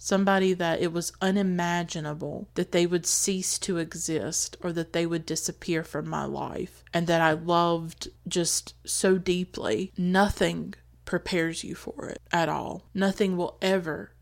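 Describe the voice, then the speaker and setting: A woman podcast host giving a reflective commentary on a film scene, speaking in an earnest, slow and emphatic way. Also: on the low side, fairly even intonation, vocal fry.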